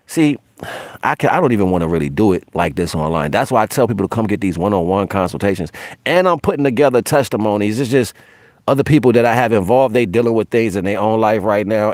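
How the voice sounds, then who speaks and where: Brash, laughing man, low dry voice. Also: dry recording. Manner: brash, profane, laughs often, animated. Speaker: spiritual livestream host. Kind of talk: casual livestream monologue.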